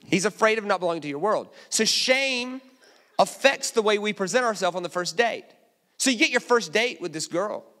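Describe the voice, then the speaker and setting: A man preaching a sermon in a church, telling humorous stories and dropping suddenly to hushed asides. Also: high voice, animated, moderate pace. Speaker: guest preacher. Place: church auditorium.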